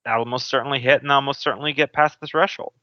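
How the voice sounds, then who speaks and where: A man running a tabletop game as game master, explaining rules in a relaxed way. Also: medium pitch, fast talker, dry recording. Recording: dull, dry mic sound.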